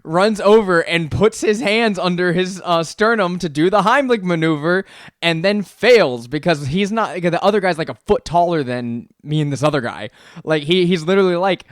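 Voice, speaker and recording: A young man co-hosting a podcast, telling a story in casual chat, lively and laughing often as he acts out what people said. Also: sits high, no echo, clean studio sound. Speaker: podcast co-host.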